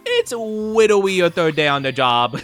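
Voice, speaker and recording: Giggly, lively male streamer. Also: sits high, moderate pace, faint music behind. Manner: giggly, chatty, reads chat aloud. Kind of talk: casual live-stream chat.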